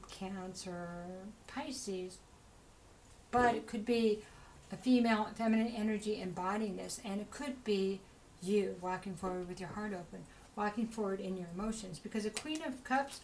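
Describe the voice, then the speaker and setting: A woman talks through a tarot reading in a loose, chatty way. She rambles and drops frequent asides to the listener, and her voice sits at an ordinary middle pitch. She keeps encouraging the listener as she goes. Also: a little hiss or hum, low-quality recording. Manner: chatty, rambling, full of "you know" asides. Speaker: tarot reader. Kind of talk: casual spoken tarot reading.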